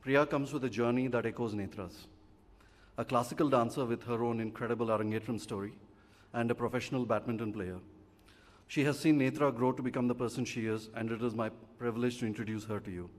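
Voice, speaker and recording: A man, a father giving a measured, heartfelt prepared speech at a stage event. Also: mid-range voice, steady tone. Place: large auditorium. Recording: long reverb of a live auditorium.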